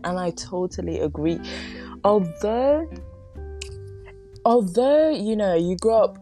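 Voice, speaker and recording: A woman's voice: mid-range voice, animated, slow, long pauses. A young woman hosting a casual podcast from home, rambling, giggling and tripping over her words, with no microphone nearby. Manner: giggly, self-deprecating, stumbling over words. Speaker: podcast host. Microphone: no microphone nearby, phone or device. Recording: unedited home recording with faint music. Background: pop music playing softly.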